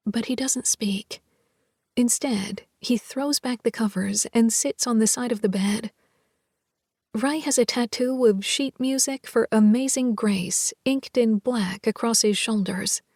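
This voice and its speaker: A woman narrating a first-person romance audiobook in a soft, half-whispered, intimate delivery. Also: a little high, husky, no echo, clean studio sound.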